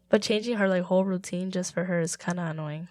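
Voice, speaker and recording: A woman's voice: fairly low pitch, brisk. A woman co-hosting a podcast, chatting casually with lots of restarts and giggles. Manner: rambling, many "like"s and restarts, giggly. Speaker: podcast co-host. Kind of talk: casual chat.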